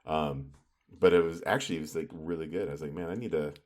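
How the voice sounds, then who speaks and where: A man with a low voice tells a meandering story on a casual podcast. He talks loosely, full of fillers and asides. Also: quick pace. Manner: rambling storyteller, lots of filler. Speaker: podcast co-host. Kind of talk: casual chat.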